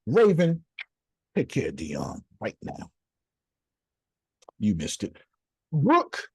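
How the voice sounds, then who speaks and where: A man teaching in a preaching style, animated, repeating phrases and calling listeners by name. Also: deep voice, husky, no room sound. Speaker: host and teacher.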